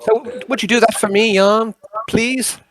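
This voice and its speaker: A man doing a posh plummy schemer, chummy, coaxing, higher voice, dry sound. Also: fairly even intonation, unhurried, a bit bright, dry recording. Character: posh upper-class man, smooth and scheming.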